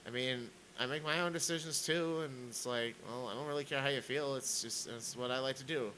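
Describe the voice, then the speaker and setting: A man's voice: medium pitch, brisk, sharp tone, slight background noise, low-quality recording. A man streaming a sarcastic rant, stammering and repeating words as he comments on clips.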